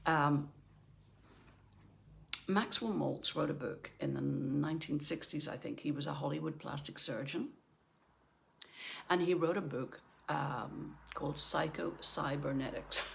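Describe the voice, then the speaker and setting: Chatty middle-aged woman with gravelly voice. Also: deep voice. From Northern Ireland. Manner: chatty, often asks "right?". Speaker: life coach. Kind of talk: motivational talk to camera.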